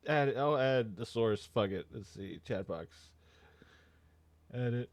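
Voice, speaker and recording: A man's voice: mid-range voice, lively intonation, slow, no echo. A man streaming live, reading panels aloud and reacting in loose, profane, casual commentary.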